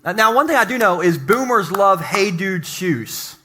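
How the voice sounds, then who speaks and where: A man's voice: high voice, animated, normal speed, bright, forceful tone. A middle-aged male pastor giving a humorous, conversational sermon to his congregation in a church. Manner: joking, conversational, talks to the congregation.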